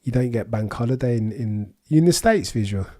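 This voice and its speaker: A man's voice: medium pitch, expressive, brisk, mellow. A young man with a Birmingham accent chatting casually with viewers on a live race watchalong, reading out comments and making dry quips. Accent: Birmingham English. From England. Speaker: livestream host.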